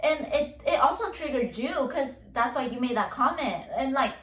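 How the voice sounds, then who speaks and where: A young woman rants through a casual podcast monologue, stacking filler words and curses as she vents. Her voice sits high. The recording is roomy and echoey, with her a little off the mic. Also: lively intonation, normal speed, fairly bright tone, far from the mic. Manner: ranting, heavy filler words, swears a lot. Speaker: podcast host.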